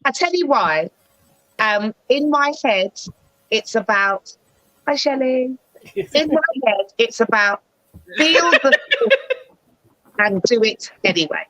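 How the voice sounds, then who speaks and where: A woman's voice: on the high side, sing-song, takes it slowly, pushed and bright, no room sound, muffled recording. A middle-aged woman and actress, chatting playfully as a guest on a talk show. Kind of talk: casual chat.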